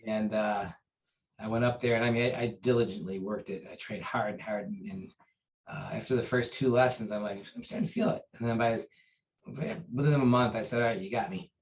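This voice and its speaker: A man recounting memories of his teacher in an interview, earnest and halting, with many fillers and restarts. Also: lowish voice, slight background noise, rough recording. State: briefly choked up. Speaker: interview guest, taekwondo master. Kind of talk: conversational storytelling.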